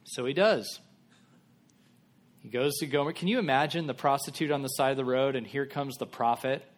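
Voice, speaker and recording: A man's voice: mid-range voice, normal speed. A man giving a sermon in a casual, conversational style, acting out biblical characters in everyday voices. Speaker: pastor.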